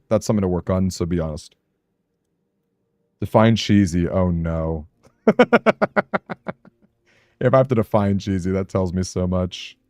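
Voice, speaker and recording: Low-voiced young man streaming a game. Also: a little mellow, no echo, clean studio sound. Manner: chatty, self-conscious, laughs often, reads chat aloud. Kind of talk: casual live-stream chat while playing.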